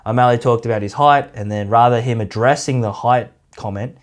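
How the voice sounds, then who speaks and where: A man's voice: mid-range voice, brisk. A man giving a casual, rambling commentary, full of "like" and mocking asides. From Australia. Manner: rambling, heavy use of "like", mocking. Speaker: YouTube commentator.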